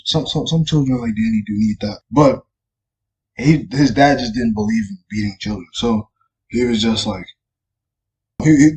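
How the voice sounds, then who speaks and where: Rambling man telling a story, slightly high voice. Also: gravelly. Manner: rambling, many fillers like "like" and "you know"; grows loud and heated when retelling the argument. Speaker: YouTube storyteller. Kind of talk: casual story time narration.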